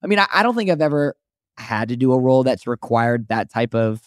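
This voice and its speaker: Young male co-host, very lively pitch, laughs easily, dry studio sound. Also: fairly quick, no echo. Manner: laughs often, acts out quotes with big swings in pitch. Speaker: podcast co-host, actor. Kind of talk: casual podcast chat.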